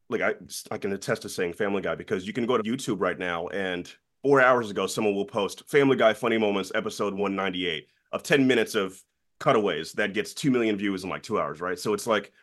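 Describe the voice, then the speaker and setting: A man's voice: on the low side, a little fast. A young man talking as a guest on a podcast, chatting casually and telling stories with energy. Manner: lively storyteller who acts out quoted people. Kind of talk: casual interview chat.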